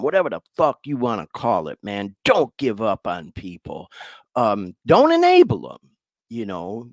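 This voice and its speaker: Male podcast host, heartfelt and choking up, drawn-out delivery, dry close sound. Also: mid-range voice, no echo. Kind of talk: casual podcast talk.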